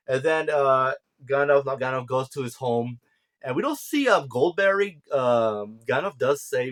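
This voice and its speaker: Rambling man recapping a show. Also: medium pitch. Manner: rambling, full of fillers and self-corrections, acts out lines in quick asides. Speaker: show reviewer. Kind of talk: casual spoken recap and review.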